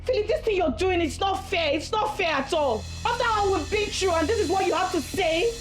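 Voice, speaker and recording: A high-voiced indignant young wife. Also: female voice, fairly quick, faint music behind. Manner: emphatic, indignant, repeats herself. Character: hurt, indignant young wife defending herself. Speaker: partner. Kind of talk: film drama acting.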